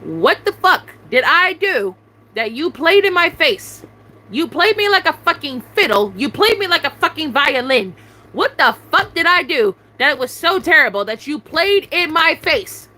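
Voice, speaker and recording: On a live stream, a young adult woman YouTuber rants angrily at someone, demanding answers over and over and swearing heavily. Her high voice swings widely in pitch, unhurried, pushed and bright. The recording is rough.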